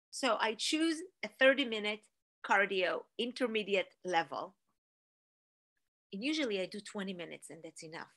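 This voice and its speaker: A woman giving an energetic, animated motivational talk to an online audience, telling a story with rising emphasis. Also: mid-range voice, unhurried. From Israel. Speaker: motivational speaker.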